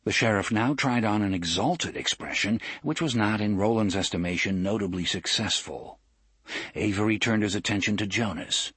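Husky male audiobook narrator. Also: lowish voice, no echo. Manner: measured storytelling, expressive. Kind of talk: scripted narration.

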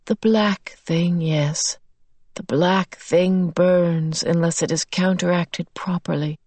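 A woman voicing a calm, caring tentacled alien beast in a storybook reading, speaking slowly and searching for words. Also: lowish voice, dry recording. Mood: soothing. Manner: slow, careful, searching for words.

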